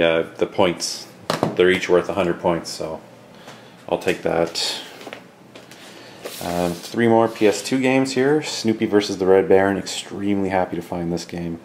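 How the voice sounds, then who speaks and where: Deep-voiced man quietly rambling through game pickups. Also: slight background noise. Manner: relaxed, rambling, many fillers; keeping his voice down. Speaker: video game collector vlogger. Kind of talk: casual show-and-tell vlog. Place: home at night.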